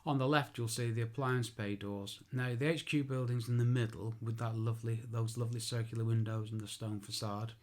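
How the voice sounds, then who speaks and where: A man's voice: mid-range voice, steady tone, fairly quick, hardly any pauses. A man who works as an architectural photographer, giving an informal spoken tutorial. He chats, makes self-deprecating asides and corrects himself aloud.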